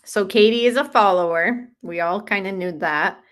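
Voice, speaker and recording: A woman's voice: mid-range voice, normal speed, fairly bright tone. A woman hosting a true crime channel, giving skeptical, chatty commentary on a case. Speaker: channel host.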